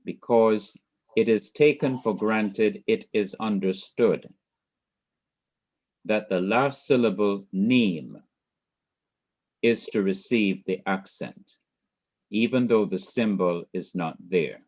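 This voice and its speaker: A man's voice: on the low side, takes it slowly, a little mellow, highs cut off. A man teaching a class, explaining step by step, repeating his points and quizzing a student. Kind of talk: class lecture.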